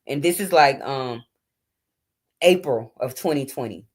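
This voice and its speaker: A woman's voice: extremely low pitch, expressive, unhurried, breathy edge. A woman in her forties hosting a casual livestream from home at night, chatting informally and talking straight to her viewers. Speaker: livestream host. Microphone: phone or webcam.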